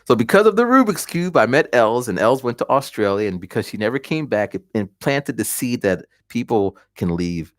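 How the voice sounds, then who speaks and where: A man's voice: mid-range voice, normal speed, few pauses, dry recording, clean studio sound. A man in his forties chatting casually on a livestream at home, telling stories with voiced reactions. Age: 40s. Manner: animated storytelling with voiced reactions. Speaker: livestream host. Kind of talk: casual chat.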